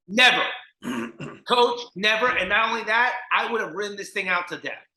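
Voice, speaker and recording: Man from New Jersey, animated interview guest who acts out his stories, bright voice in a roomy space. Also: high voice, moderate pace. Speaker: guest, recovery mentor. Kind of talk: storytelling in an interview. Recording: echoey room.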